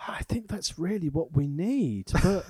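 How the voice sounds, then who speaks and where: Dry-witted man, lively pitch. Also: measured pace, slightly rough, no room sound. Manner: dry sarcastic quips. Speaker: wrestling podcast co-host. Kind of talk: casual wrestling review chat.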